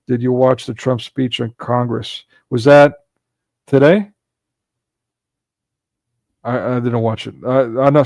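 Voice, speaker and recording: A man's voice: mid-range voice, a little mellow, no room sound. Rambling man hosting a livestream. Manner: rambling, frequent restarts and filler words. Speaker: livestream host. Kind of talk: casual livestream commentary.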